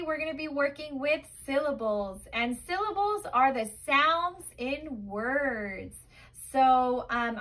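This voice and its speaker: A woman teaching young children a remote lesson, speaking in a slow, encouraging, sing-song way and often checking "okay?". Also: high-pitched, fairly bright tone.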